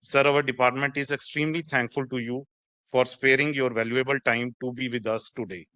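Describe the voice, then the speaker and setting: A man's voice: mid-range voice, fairly even intonation, brisk, pushed and bright. A man with an Indian English accent, the organizing secretary, formally reading a vote of thanks. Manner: formal, reading prepared remarks.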